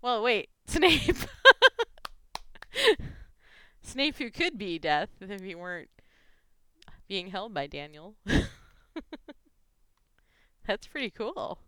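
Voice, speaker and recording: A woman's voice: medium pitch, big pitch swings, drawn-out words, pauses often, pushed and bright, clear, resonant tone, no room sound. A woman chatting casually on her vlog, giggling often and gushing emotionally. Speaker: fan fiction vlogger. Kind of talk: casual chat reading gifts.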